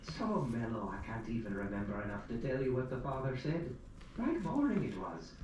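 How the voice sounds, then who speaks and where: A man's voice: medium pitch, big pitch swings, moderate pace, darkish tone, voice pushed up, natural voice. A man voicing a gossipy old widow woman with a lilting, cackling manner in an echoey room. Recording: echoey room, distant mic, faint hum.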